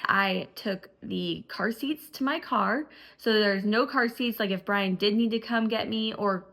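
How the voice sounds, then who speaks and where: A young woman telling an animated storytime on her family vlog, acting out the voices of the people in her story. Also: mid-range voice, unhurried, vocal fry. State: in shock after diagnosis. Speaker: family vlogger.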